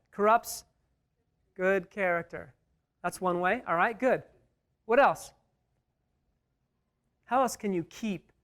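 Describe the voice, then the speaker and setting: A man's voice: high voice, a bit bright. A man leading an interactive Bible study, emphatic, repeating key words and putting questions to the group.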